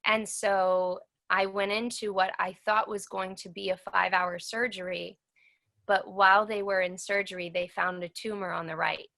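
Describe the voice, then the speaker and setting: Bright-voiced woman telling her story. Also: mid-range voice, level tone, normal speed, vocal fry. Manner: earnest, acts out the dialogue of others. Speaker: interview guest. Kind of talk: personal storytelling interview.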